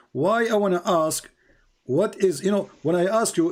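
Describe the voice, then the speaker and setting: A man's voice: high voice, fast. Emphatic man arguing in a debate call. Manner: emphatic, questioning, mixes in quoted voices. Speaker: online debate host. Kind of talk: live call-in religious debate.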